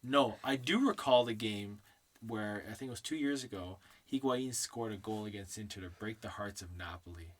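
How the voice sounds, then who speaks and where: A man's voice: fairly low pitch, normal speed. Teasing man co-hosting a podcast. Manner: teasing, laughs often. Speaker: podcast co-host. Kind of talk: casual chat.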